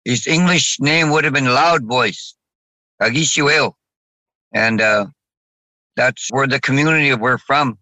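Bright-voiced man speaking haltingly. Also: mid-range voice, dry recording, low-quality recording. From Saskatchewan, Canada. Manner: halting, with many restarts and fillers. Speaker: guest. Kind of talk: casual interview talk.

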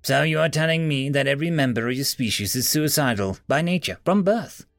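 A man's voice: on the high side, lively intonation, fairly quick, no room sound, faint music behind. A man voicing a weary, exasperated alien who answers a reckless human with dry skepticism. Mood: deadpan.

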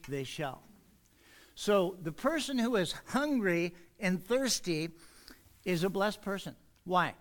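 A man with a notably high voice delivers a church sermon. He eases in with light jokes and casual asides, then slows right down to lean on the key words. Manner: warms up with jokes, easygoing asides. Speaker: pastor. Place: church sanctuary.

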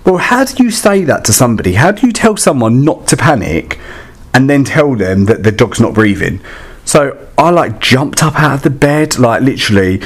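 A man's voice: medium pitch, very animated, normal speed, slightly rough. A man telling a story in a casual, chatty and dramatic way, with many fillers. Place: static caravan.

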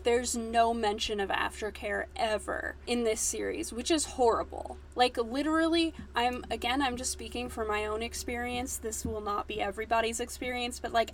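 A woman hosting a podcast, giving casual, frank commentary on a book chapter, swearing freely and peppering her talk with "like.". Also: fairly high pitch. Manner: chatty, frank, swears freely, heavy use of "like". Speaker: podcast host.

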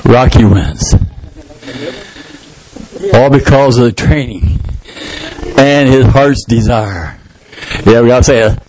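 A male pastor preaching a sermon in church, telling a story with lively, shouted sound effects. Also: mid-range voice, slow, long pauses, rough recording.

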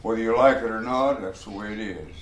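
In a lowish voice and a little fast, a man delivers a Bible study sermon that is folksy and emphatic, loudly performing the quoted voices in his stories. Faint ambient noise and echo fill the room.

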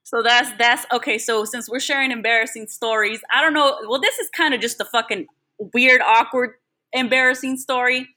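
A woman's voice: on the high side, moderate pace, pushed and bright. A woman co-hosting a podcast, telling a personal story in casual, profane chat. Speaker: podcast co-host.

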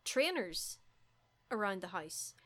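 Animated, giggly woman. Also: medium pitch, slow. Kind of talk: casual chat recapping a film.

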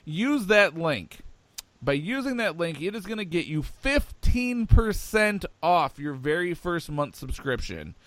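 A man chatting as a podcast co-host, excitable and rambling, with many ums. His voice sits a bit high for a man. The sound is dry and close, with no room echo. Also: measured pace. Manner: enthusiastic, rambling, with many fillers. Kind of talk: casual podcast chat.

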